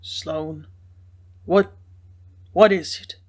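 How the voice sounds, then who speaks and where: Woman playing a gruff, hulking ranch boss, booming and slow-spoken, for a Western audiobook. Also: fairly bright tone. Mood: softened.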